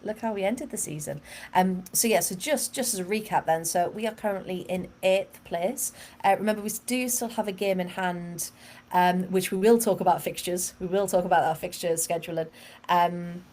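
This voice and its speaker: Chatty woman with a lowish voice. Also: normal speed, a little mellow. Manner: chatty, laughs often, many fillers. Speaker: podcast co-host. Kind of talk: casual football podcast chat.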